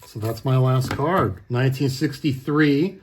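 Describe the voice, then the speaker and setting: A man's voice: medium pitch, unhurried, a little hiss or hum. A middle-aged man chatting casually as he shows off his collection, telling rambling stories and correcting himself as he goes. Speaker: card collector host. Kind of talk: casual show-and-tell chat.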